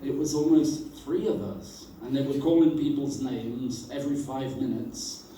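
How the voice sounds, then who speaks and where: A man giving a storytelling tribute about an old friend, animated and acting out the voices he quotes. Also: mid-range voice, normal speed, a little hiss or hum. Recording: very echoey room, voice from far off.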